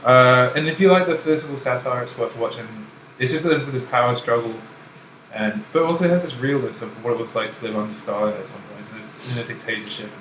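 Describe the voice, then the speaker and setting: A man's voice: medium pitch, fast, fairly bright tone. A man from Canada co-hosting a casual chat, laughing often and rambling through restarts. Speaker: podcast co-host. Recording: roomy echo, faint background noise.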